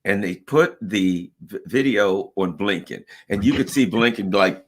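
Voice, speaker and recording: A man hosting casual political talk, emphatic and halting with fillers. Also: lowish voice, expressive, a bit bright. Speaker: host.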